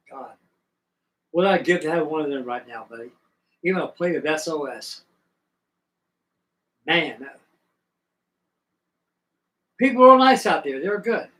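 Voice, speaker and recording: An older man tells stories in a loose, meandering way, full of folksy asides. His voice sits a touch higher than most men's. He is from the American South and is in no hurry. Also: a bit bright, rough recording. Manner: folksy, rambling, drawn-out reminiscing. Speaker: livestream host. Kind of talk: rambling storytelling chat.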